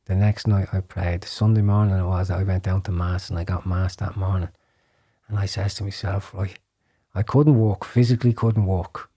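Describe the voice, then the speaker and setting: An Irish man telling his personal testimony in a podcast interview, earnest, with repeated words and restarts, sometimes dropping to a hushed whisper. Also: deep voice, steady tone, moderate pace, husky. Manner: earnest storytelling, drops to a hushed whisper when recalling prayers.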